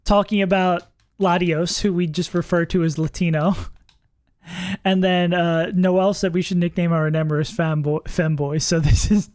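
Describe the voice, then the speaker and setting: A streamer in casual livestream commentary, thinking aloud about game strategy, chatty and quick to laugh. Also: medium pitch, fairly even intonation, a little mellow, dry recording.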